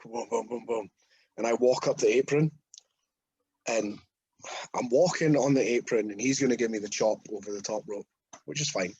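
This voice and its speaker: A man's voice: mid-range voice, normal speed, pauses often, darkish tone, breathy edge, no echo, lo-fi sound. A man in his thirties, a wrestler guest, telling rambling, sweary anecdotes in casual podcast chat. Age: 30s.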